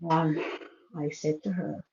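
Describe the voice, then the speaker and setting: A woman calls in to a live show and tells a hard family story in a quiet, halting voice, stopping and restarting often. Her voice is mellow and darkish. It comes through a poor, muffled phone connection. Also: deep voice, little pitch movement, a little hiss or hum. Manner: soft-spoken, halting with restarts. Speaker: caller. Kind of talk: emotional personal story on a call-in show. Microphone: phone call.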